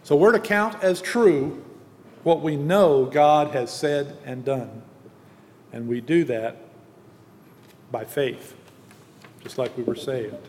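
A man's voice: mid-range voice, darkish tone, a little hiss or hum. Man preaching in an echoing hall. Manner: earnest teaching, slows for emphasis. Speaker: pastor. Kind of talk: sermon with scripture reading. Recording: long hall reverb.

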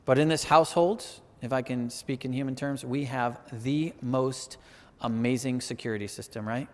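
Animated preacher in a reverberant hall. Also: male voice, medium pitch, moderate pace. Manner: animated, rising to emphatic peaks; conversational, asks the audience "right?". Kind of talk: sermon.

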